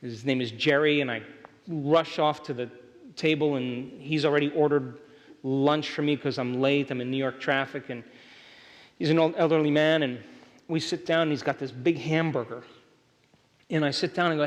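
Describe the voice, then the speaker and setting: Fairly high-pitched and a little fast, this man keeps a steady tone while delivering a motivational workshop lecture. He speaks emphatically to his live audience, regularly asking if they're still with him, and the hall adds a long reverb.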